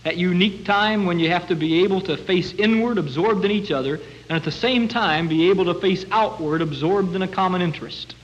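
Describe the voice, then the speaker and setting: A man's voice: high-pitched, fairly quick, few pauses. A male preacher giving a sermon, telling Bible scenes and acting out the voices in them. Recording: dull lo-fi recording.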